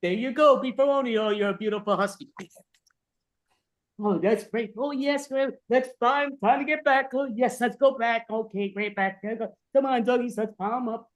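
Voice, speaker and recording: A man's voice: extremely high pitch, fairly even intonation, moderate pace. A man playing a cheery dog sled driver who chats and coos at his dogs. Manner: chatty, cooing at dogs.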